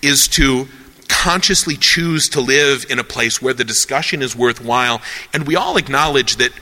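A man in a casual philosophical chat, rambling and animated, acting out the people he quotes. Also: mid-range voice, moderate pace. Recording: long hall reverb.

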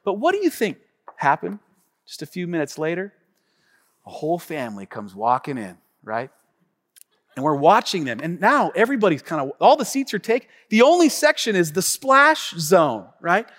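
Male pastor, high and very expressive delivery, preaching in a hall with a long echo. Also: moderate pace. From Tacoma, Washington. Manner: animated storytelling preacher, calling out to the congregation. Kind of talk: sermon. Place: church sanctuary. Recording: long reverb of a church hall.

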